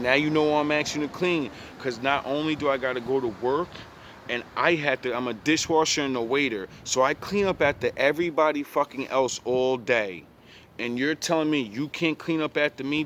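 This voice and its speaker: A man's voice: medium pitch, normal speed, fairly bright tone, slight background noise. Blunt man telling a street story. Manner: blunt, profane street slang. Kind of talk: casual storytelling.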